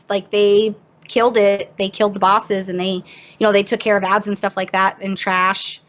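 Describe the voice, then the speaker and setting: A woman guest on a podcast telling a story in a casual, animated way, poking fun at herself and laughing as she goes. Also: mid-range voice. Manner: animated, self-mocking, laughs through the story. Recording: dull lo-fi audio.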